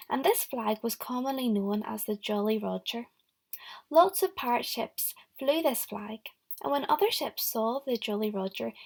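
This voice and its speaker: A woman's voice: on the high side, vocal fry. A young woman teacher giving a recorded lesson to young children, encouraging them and speaking straight to them. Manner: encouraging, talks directly to the children. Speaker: primary school teacher.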